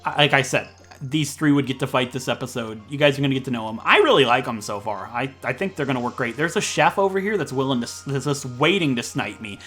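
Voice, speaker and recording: A man from Ohio with a Midwestern American accent, rambling and joking fast through casual gameplay commentary. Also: mid-range voice, animated, sharp tone, breathy edge. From Ohio, USA. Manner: fast-talking, rambling, jokey. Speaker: let's play commentator.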